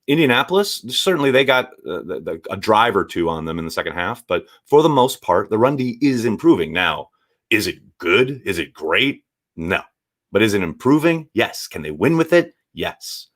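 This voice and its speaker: A man hosting a casual live stream, reading viewer chat and giving blunt, animated takes with the odd swear. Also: lowish voice. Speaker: sports show host reading viewer chat.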